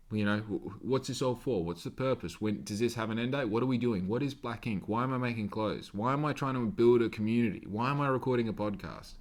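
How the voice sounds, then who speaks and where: A man hosting a solo podcast, talking to a camera on his own in a loose, rambling way and swearing often. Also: fairly low pitch. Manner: casual, rambling, swears a lot. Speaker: podcast host.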